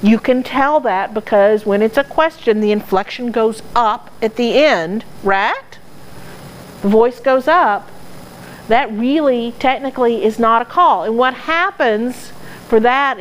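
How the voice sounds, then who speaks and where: A woman's voice: fairly high pitch, measured pace, a little hiss or hum, low-quality recording. A woman answering audience questions in casual talk, earnest and explanatory, now and then laughing at herself. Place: dog training club hall.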